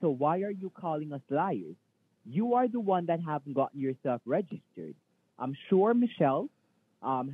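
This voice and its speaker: A man's voice: a little high, slightly rough. A man playing a defensive male call-center manager, lecturing with many fillers over the phone. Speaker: phone scammer. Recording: tinny phone line.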